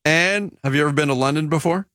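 A man hosting a radio sports show, chatting casually with an animated, chuckling delivery. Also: fairly high pitch, no room sound. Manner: animated, chuckling, drawn-out reveals.

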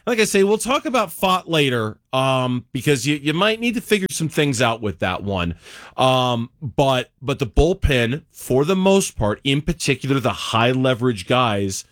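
A man's voice: medium pitch, very animated, normal speed, a bit bright, no room sound, studio quality. A man hosting a sports radio show, talking casually and animatedly with many restarts and asides.

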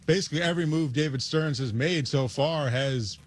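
A man's voice: on the high side, brisk. A man, a fan of the team, venting frustration in a casual sports talk chat.

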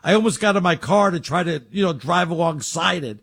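Husky storytelling man. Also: high-pitched, brisk. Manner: rambling animated storyteller, stammers. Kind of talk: casual chat.

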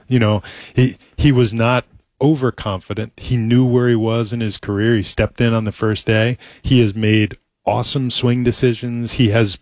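A middle-aged man, a baseball team executive, talking in a casual interview, earnest and halting, with many restarts and "you know"s. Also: mid-range voice, no room sound.

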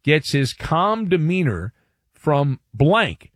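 A man's voice: a little high, very animated, slow, no echo, studio quality. A man hosting a sports talk radio show, delivering a wry, theatrical monologue and stretching words for effect.

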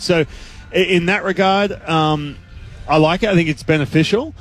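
A man's voice: on the high side, normal speed, faint music behind. A man, a baseball analyst guest, talking casually on sports radio in a rambling way with many restarts and asides.

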